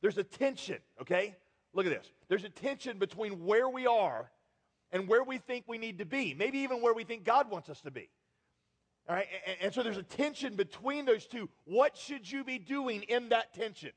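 A man with a high voice preaching a sermon to his congregation. He talks in a loose, conversational way, with lots of fillers and questions put to the crowd. His voice rings out with the long reverb of a large church hall. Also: animated, moderate pace. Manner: conversational, asks the audience questions, frequent fillers. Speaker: pastor.

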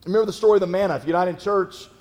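A man preaching a sermon as a pastor, telling a story in a conversational way, halting with fillers and restarts. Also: sits high, a little mellow, in a large hall.

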